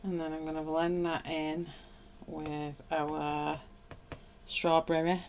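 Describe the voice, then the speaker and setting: A woman's voice: sits low, flat delivery, slow pace, darkish tone, slight background noise. A woman, chatting casually at home while she colours on a livestream, greeting viewers by name and laughing often. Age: 30s. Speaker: livestream host.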